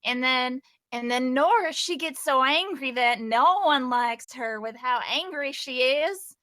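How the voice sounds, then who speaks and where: A woman's voice: high-pitched, measured pace, fairly bright tone, dry recording. A woman voicing a cheerful, childlike young woman in a tabletop game, chirpy, giggly and eager to please. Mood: earnest.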